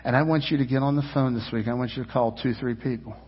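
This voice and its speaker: A pastor in his fifties preaching a sermon, telling a rambling story full of restarts and asides, moving between loud emphasis and low, quiet lines. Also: fairly even intonation, fast, husky. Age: 50s. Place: church sanctuary. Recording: dull sound with long reverb, as in a church hall.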